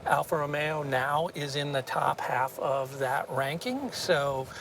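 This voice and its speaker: A man explaining a car in a relaxed, chatty way as a reviewer. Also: fairly high pitch, takes it slowly, vocal fry, noisy background. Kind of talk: casual explanation. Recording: music bed under voice.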